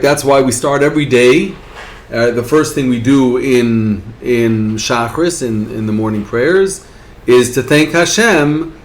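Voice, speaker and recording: A man's voice: medium pitch, a little hiss or hum. A man giving a spoken lesson, often asking his listeners "right?". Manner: rhetorical, keeps asking "right?". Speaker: teacher. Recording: echoey room.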